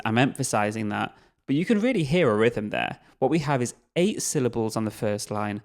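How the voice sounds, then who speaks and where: A man's voice: mid-range voice, darkish tone. Patient male literature teacher explaining. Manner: patient, explanatory, slightly tentative. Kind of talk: recorded poetry lesson.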